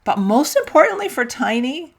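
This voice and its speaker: A woman minister gently telling a children's story during a church service, soft-spoken and sometimes dropping to a hush. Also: high-pitched, sing-song, normal speed, creaky. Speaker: intern minister.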